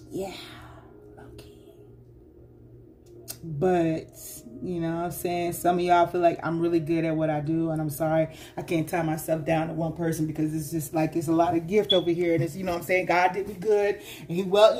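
A woman's voice: lowish voice, slight background noise. A woman giving a casual tarot reading to her viewers, chatty and slangy, teasing and scolding the listener and often asking "you know what I'm saying?". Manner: teasing and scolding the listener with sudden loud bursts. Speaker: tarot reader.

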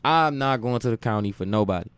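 A man in his late twenties from Cleveland tells long, profane anecdotes with an easy, animated swing. His voice sits at a middling pitch, recorded dry and close. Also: quick pace, smooth, no room sound. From Cleveland, Ohio. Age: late 20s. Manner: profane, animated anecdote-telling with frequent laughs. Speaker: podcast guest, musician. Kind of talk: casual storytelling chat.

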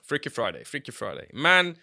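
A man's voice: mid-range voice, brisk, gravelly, no room sound. A man co-hosting a casual film podcast, laughing and swearing as he talks. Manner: laughing, swearing, lively asides. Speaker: podcast co-host.

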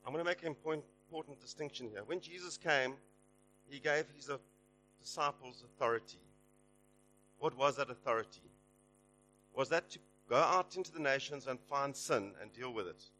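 A man preaching a sermon, exhorting his listeners and rising loud and high on the promises. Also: moderate pace, soft background music, poor audio.

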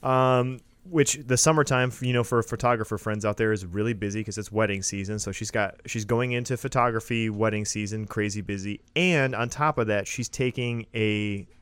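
A man's voice: lowish voice, moderate pace, few pauses, fairly bright tone, clear, resonant tone, no echo. A man co-hosting a podcast in casual, upbeat chat, laughing easily. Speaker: podcast co-host.

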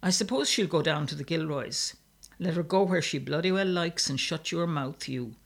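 A man voicing a rough, bullying older brother who barks commands. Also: on the high side, moderate pace, fairly bright tone. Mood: gruff. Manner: gruff, commanding.

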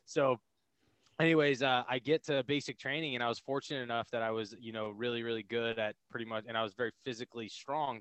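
Fast-talking man telling his story. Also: mid-range voice, dry recording. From United States. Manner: energetic, laughing, acts out quotes. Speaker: podcast guest, military veteran. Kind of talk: casual storytelling interview.

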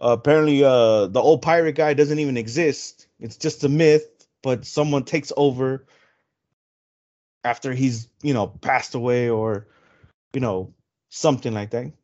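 A man co-hosting a casual podcast, animated and laughing often, retelling scenes with lots of swearing in a dull lo-fi recording. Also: medium pitch, measured pace. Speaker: podcast co-host. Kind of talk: casual film chat. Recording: dull lo-fi sound.

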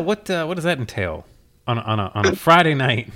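A man's voice: mid-range voice, a little fast, slight background noise. Laid-back male podcast host. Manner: relaxed and chatty, with many fillers. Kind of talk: casual chat.

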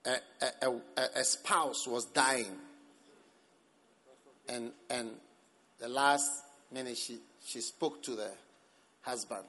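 Male preacher, sermon, bright voice, slow emphatic delivery that jumps from loud to soft, long church reverb. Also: medium pitch, steady tone. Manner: emphatic, with sudden swings between loud and soft. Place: church service.

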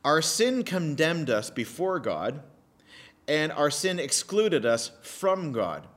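A man preaching a sermon, emphatic and animated, repeating key phrases with pauses. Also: on the high side. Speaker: pastor.

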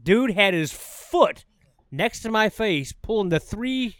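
A man's voice: sits high, animated, slow pace, a bit bright, no room sound. A middle-aged man chiming in with crude, emphatic remarks in casual chat.

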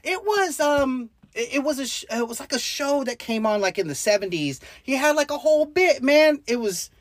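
A man's voice: very high-pitched, normal speed, no room sound, clean studio sound. A man co-hosting a movie podcast, chatting casually and cracking jokes. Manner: animated and joking, laughs often. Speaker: podcast co-host and father. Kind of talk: casual movie-review chat.

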